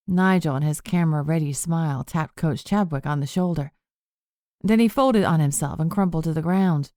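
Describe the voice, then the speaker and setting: A woman narrates an audiobook in a steady, even way. Her voice sits low. The recording is close and completely dry. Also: normal speed, no room sound. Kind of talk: scripted narration.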